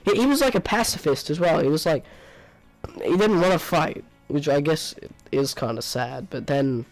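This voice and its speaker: A man's voice: a little high, animated, normal speed, faint music behind, low-quality recording. A man giving a casual spoken movie review, rambling and exasperated, packing his talk with filler words.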